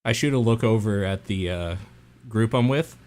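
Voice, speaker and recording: A man describes his character's moves in a tabletop game. He speaks in a laid-back, hesitant way. His voice is low for a man. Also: normal speed, a little mellow. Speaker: player.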